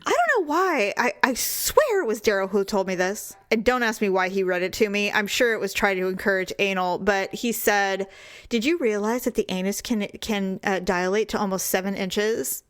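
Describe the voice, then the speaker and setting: A woman co-hosting a podcast in casual chat, chiming in with quick reactions and jokes. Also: medium pitch, expressive, a bit bright, dry recording, clean studio sound. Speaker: podcast co-host.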